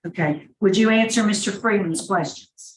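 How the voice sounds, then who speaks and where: Formal woman chairing, far-off echoey mic. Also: medium pitch. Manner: brisk, formal, reading into the record. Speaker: parole board chair. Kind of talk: formal hearing procedure. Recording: echoey hearing room, distant mic, faint noise.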